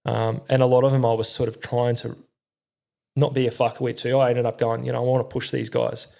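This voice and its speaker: Man, Australian accent, middle-aged, gravelly, flat pitch, rambling, swears a lot, casual storytelling. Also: brisk. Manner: rambling, heavy swearing, slangy. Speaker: podcast guest, former army crew commander.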